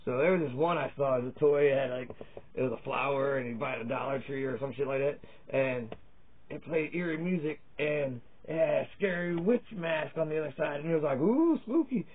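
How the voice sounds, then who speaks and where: A man's voice: mid-range voice, fairly even intonation, brisk, husky. Crude rambling man, tinny phone-like sound. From Virginia, USA. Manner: crude, profane, jokey, jumps between topics. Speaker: comedy vlogger. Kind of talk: rambling stand-up style monologue.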